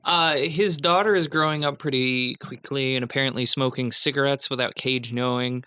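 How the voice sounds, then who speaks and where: Bright-voiced man recapping a movie. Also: medium pitch, fairly even intonation, normal speed, clean tone, dry recording, studio quality. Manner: laid-back, summarizing plot with fillers and chuckles. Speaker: podcast co-host. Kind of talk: casual movie recap chat.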